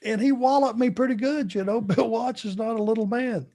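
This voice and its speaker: A man's voice: very high voice, a little fast, mellow. An older man telling wrestling stories in a casual chat, laughing as he goes. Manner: laughs through his stories. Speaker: former wrestler answering fan questions. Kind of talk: casual storytelling.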